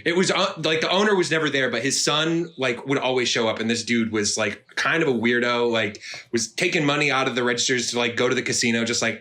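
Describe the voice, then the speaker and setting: A man's voice: mid-range voice, lively intonation, fast talker, sharp tone. A young man on a podcast telling casual work stories, rambling through lots of filler words with an amused tone. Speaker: podcast co-host. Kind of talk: casual storytelling chat.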